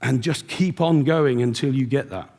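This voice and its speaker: Gravelly middle-aged man speaking in a hall. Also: mid-range voice, moderate pace, darkish tone. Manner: storytelling with acted-out dialogue. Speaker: motivational speaker. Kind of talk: live keynote talk. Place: large event hall. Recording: long hall reverb at a live event.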